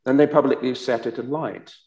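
Measured male host in a roomy hall. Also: medium pitch, fairly even intonation, a little mellow, dull audio. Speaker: event host. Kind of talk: hosting a poetry event and reading a poem aloud.

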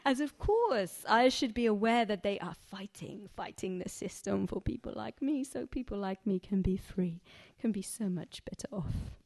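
A woman performing spoken-word poetry as a worldly Egyptian woman, speaking with an Egyptian accent in a dry, sardonic, unhurried way. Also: medium pitch, mellow, natural voice.

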